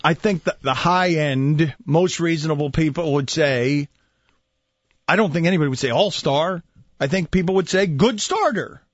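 A man's voice: a little high, normal speed, no room sound. A man hosting a sports talk radio show, arguing his points emphatically and throwing questions at his co-hosts. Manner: emphatic, questioning, restarts mid-thought. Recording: dull dry studio sound.

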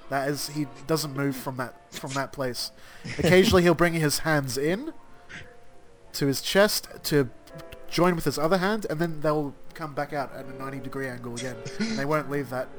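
A man's voice: a little high, a bit bright. A man hosting a podcast, joking and rambling in casual chat with frequent laughter. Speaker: podcast host.

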